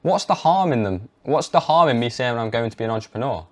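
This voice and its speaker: A man's voice: mid-range voice, animated, fast talker. A young man giving emphatic health advice straight to camera in a vlog. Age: young adult. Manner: emphatic, mocks hesitant speech. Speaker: health vlogger. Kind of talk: direct-to-camera advice monologue.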